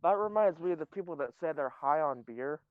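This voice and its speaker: A man's voice: fairly high pitch, expressive, fairly quick, dry recording, phone-quality sound. A young man co-hosting a podcast, joking and laughing through casual banter. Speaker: podcast co-host. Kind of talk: casual chat.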